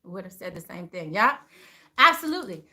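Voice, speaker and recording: A woman's voice: fairly low pitch, fairly quick. A woman hosting a casual livestream, telling a story with lots of laughter and answering viewer comments. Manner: animated, laughing, reads viewer comments aloud. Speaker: spiritual livestream host.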